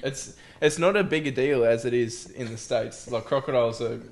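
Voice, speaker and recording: Deadpan young Australian man. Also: medium pitch, normal speed, slight background noise. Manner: deadpan, dry humor, hesitant fillers. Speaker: guest.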